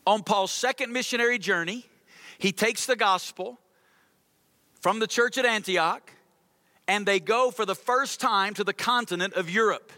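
A man's voice: high-pitched, moderate pace, sharp tone, dry recording, clean studio sound. A male pastor preaching a sermon with emphasis, repeating key phrases.

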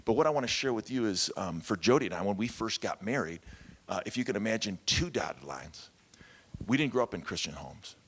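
A man's voice: on the low side, expressive, fairly quick, breathy edge. A man, a pastor, telling his story in a candid, conversational sermon with self-deprecating humor.

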